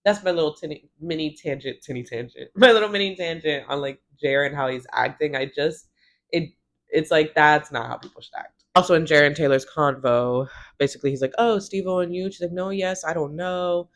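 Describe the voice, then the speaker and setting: Chatty woman recapping a TV episode. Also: sits low. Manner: animated, quotes characters in quick voices, laughs often. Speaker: recap vlogger.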